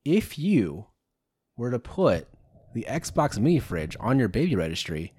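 A man's voice: medium pitch, a little slow, husky, no room sound. A man co-hosting a podcast, joking and ranting with plenty of profanity in casual chat. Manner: expressive, joking, profane rants. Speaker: podcast co-host.

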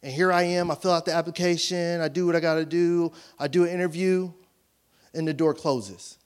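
A man preaching as a pastor in a church, telling a personal story with animated voices for each side of a conversation and laughing often as he talks. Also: fairly high pitch, fairly quick, clear, resonant tone. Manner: animated storytelling, acting out both sides of conversations; laughs often while talking. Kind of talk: sermon.

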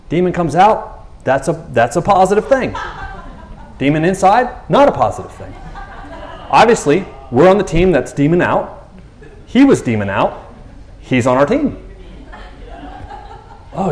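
Animated preacher in an echoey hall. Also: male voice, on the high side, unhurried, long pauses. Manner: animated, jokey storytelling with acted-out dialogue. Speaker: pastor. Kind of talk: sermon. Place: church.

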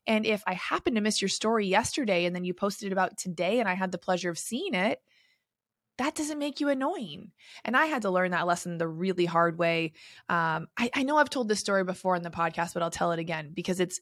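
A woman's voice: fairly low pitch, expressive, brisk, dry recording. Chatty woman podcast host, dry sound. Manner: chatty, filler-heavy storytelling. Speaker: podcast host and beauty industry coach. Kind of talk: solo podcast monologue.

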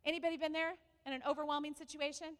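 A woman pastor preaches a sermon in a high-pitched, racing voice, animatedly telling a personal story and asking the congregation questions. A long reverb tail trails her words.

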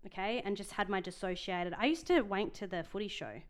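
A woman's voice: mid-range voice, fairly quick. A young adult woman co-hosting a casual podcast chat, telling stories in a rambling way, often restarting her sentences. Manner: rambling, self-interrupting storyteller. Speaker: podcast co-host.

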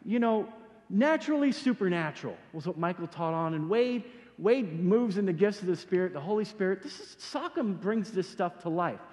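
Male pastor, high and very expressive voice, casual animated sermon, long hall reverb. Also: normal speed. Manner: casual, animated storytelling with slangy asides.

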